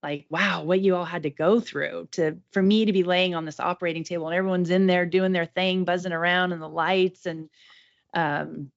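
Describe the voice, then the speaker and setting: A woman's voice: on the low side, steady tone, normal speed, vocal fry. A woman patient talking casually about her surgery, chatty and effusive, often restarting her sentences. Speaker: patient guest. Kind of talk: casual podcast conversation. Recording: dull lo-fi audio.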